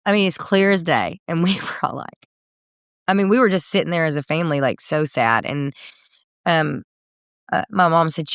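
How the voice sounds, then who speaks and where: A woman's voice: low voice, moderate pace, dry recording. Woman telling a story close to the mic. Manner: emotional storytelling with many fillers and laughs. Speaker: guest, country singer. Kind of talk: candid podcast interview.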